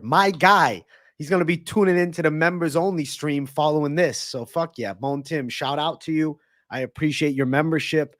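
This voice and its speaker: A man's voice: mid-range voice, no room sound, studio quality. Hyped, foul-mouthed male livestream host. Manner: loose, profane, hyped, reads and answers viewer chat. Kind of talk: live-streamed fight predictions and chat.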